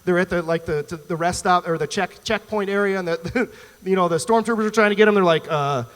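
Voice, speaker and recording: High, bright-voiced male stand-up comic. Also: fairly quick. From US Midwest. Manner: animated, chatty, rambling asides. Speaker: stand-up comedian. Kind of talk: stand-up comedy set. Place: stage at a live performance venue. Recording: reverberant live venue.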